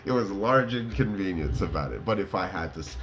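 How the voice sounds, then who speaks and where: Animated low-voiced man telling a story. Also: a little fast, background noise. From Colorado. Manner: animated, laughing, rambling with fillers. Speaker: vlogger. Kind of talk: casual storytelling to viewers.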